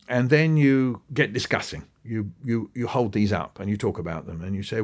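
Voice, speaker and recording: Lowish-voiced man telling classroom anecdotes. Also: normal speed, few pauses. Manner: animated storytelling, acting out quoted voices; thinks aloud with restarts and asides. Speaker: guest speaking on education. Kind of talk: relaxed conversational interview.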